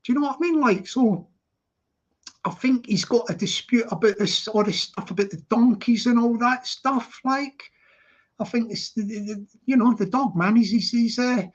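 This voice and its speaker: A man's voice: very high voice, moderate pace. A man hosting a casual live stream who rambles, repeats himself and laughs often. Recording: dull lo-fi stream audio.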